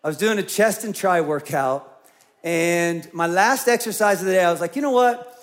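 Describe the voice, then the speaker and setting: A man's voice: high voice, moderate pace. A male pastor preaching a conversational sermon, acting out voices in his storytelling. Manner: conversational, acts out quoted voices.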